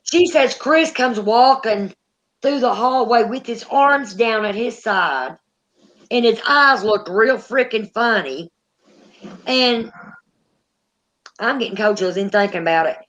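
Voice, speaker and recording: A woman's voice: fairly high pitch, expressive, slow pace, long pauses, fairly bright tone, poor audio. A woman hosting a casual paranormal chat, animatedly retelling a story and acting out the quotes. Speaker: paranormal channel host.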